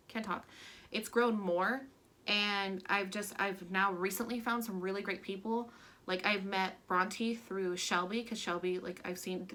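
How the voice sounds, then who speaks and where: A woman's voice: mid-range voice, bright, forceful tone. A young woman who is a stay-at-home mom, chatting candidly through a Q&A vlog and using lots of "like" fillers. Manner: chatty and candid, many "like" fillers, gets emotional. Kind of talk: casual Q&A vlog chat.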